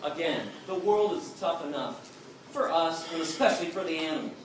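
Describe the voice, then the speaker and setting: Recorded noisily and from afar in a large hall full of echo, a man takes audience questions at a public talk. He answers with emphatic, plain-spoken storytelling in an animated voice on the high side, at a moderate pace.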